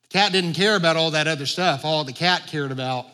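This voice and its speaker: A man preaches a sermon in a loose, conversational way and climbs into animated emphasis on his main points. His voice is bright and sits a little high. A long reverb trails his words through the sanctuary. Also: fairly quick. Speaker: pastor. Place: church sanctuary.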